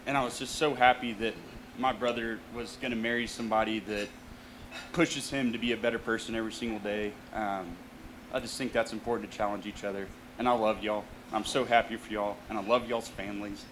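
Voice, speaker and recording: A man's voice: mid-range voice, slight background noise, rough recording. A young man giving a sincere, loving rehearsal dinner toast for his brother. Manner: warm, sincere, with fillers.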